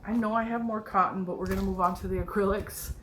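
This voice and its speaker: A middle-aged woman with a nasal, stuffed-up voice excitedly showing off her yarn haul in a casual video, gushing and laughing often. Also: mid-range voice, quick pace, noisy background. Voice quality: nasal from a cold. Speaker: yarn and crochet vlogger. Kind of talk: excited casual show-and-tell.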